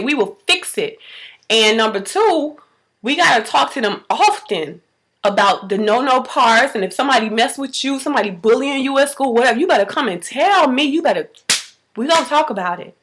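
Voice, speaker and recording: A mother in a casual vlog, telling an emotional story in slangy, animated speech and acting out quotes in a higher voice. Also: brisk, rough recording. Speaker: mother vlogging about parenting.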